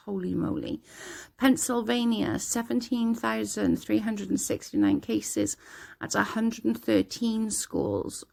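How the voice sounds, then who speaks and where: Slow-talking woman with a gravelly voice. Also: mid-range voice. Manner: stumbles over names, reacts with exclamations. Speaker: video host reading out statistics. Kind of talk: casual reading aloud with comments.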